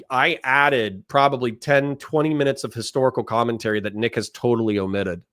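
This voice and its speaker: A man hosts a livestream in a dry booth with no room echo. His voice sits at a middle pitch. He reacts with sarcastic rhetorical questions and reads viewer messages aloud. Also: a bit bright. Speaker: streamer host. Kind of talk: livestream commentary and chat reading.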